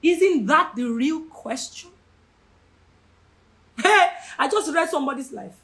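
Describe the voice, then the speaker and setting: Young woman, Nigerian English accent, Bible study teacher, high voice, very lively intonation, fervent and repetitive. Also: slow pace. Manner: passionate, repeats phrases, shouts for emphasis.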